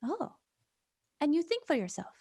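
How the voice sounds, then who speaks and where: A woman's voice: high-pitched, big pitch swings, moderate pace, warm tone, no room sound, clean studio sound, voice pushed up. A woman voicing a stern, formal half-orc lady.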